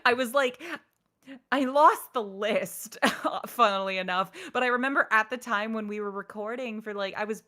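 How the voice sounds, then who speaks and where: Woman, voice actor, casual interview, high pitch, bright voice, filler-heavy storytelling. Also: moderate pace. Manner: animated, acts out quotes with big pitch jumps; frequent "like" and "you know" fillers. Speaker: voice actor guest.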